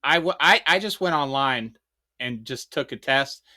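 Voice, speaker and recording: A loud man co-hosting a casual podcast over his own mic, telling stories animatedly and swearing a lot. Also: medium pitch, normal speed. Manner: loud, profane, animated storytelling. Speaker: podcast co-host. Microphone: remote podcast mic.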